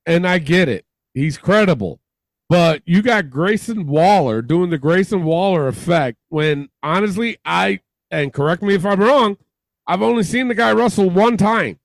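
A man's voice: sits high, animated, moderate pace, creaky, dry recording, rough recording. A man co-hosting a podcast in loose, rambling chat with plenty of swearing. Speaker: podcast co-host. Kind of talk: casual chat.

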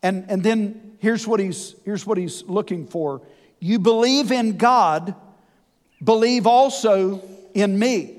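A man preaching a sermon, folksy and animated with conversational asides. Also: sits high, slow pace. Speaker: pastor. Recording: long hall reverb.

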